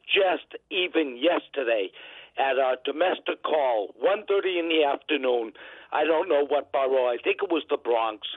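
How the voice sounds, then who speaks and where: A man's voice: fairly high pitch, no room sound. A man calling in to a radio show over the phone, speaking in an earnest, emphatic way. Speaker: caller. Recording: tinny phone line.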